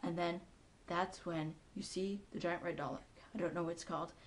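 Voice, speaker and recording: A woman giving a casual, excitable recap of a TV episode, chatty and full of ums and likes. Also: fairly low pitch, normal speed, slight background noise. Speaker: TV episode reviewer.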